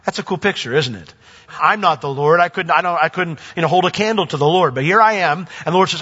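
A man preaching a sermon as pastor, animated, jumping from emphatic high points to quiet low asides. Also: fast talker. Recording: dull lo-fi audio with long reverb.

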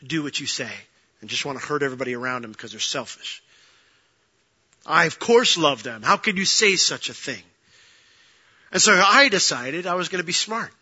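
A man preaching with a sharp, bright, slightly high voice, his delivery animated and swelling to loud, passionate peaks. He slips in wry self-deprecating humor. The recording sounds dull and lo-fi. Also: moderate pace, pauses often, husky. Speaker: pastor. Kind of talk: sermon with personal story.

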